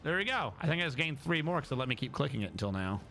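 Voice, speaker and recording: A man's voice: mid-range voice, big pitch swings, rapid-fire, bright, forceful tone, soft background music. A man streaming a video game, chatting and thinking aloud as he reads the game text. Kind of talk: casual gaming commentary.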